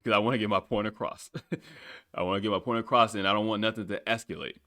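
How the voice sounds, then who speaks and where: Deep-voiced rambling male podcast host. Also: fairly even intonation, fast talker, pushed and bright. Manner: rambling, casual, swears freely. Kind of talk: casual solo podcast monologue.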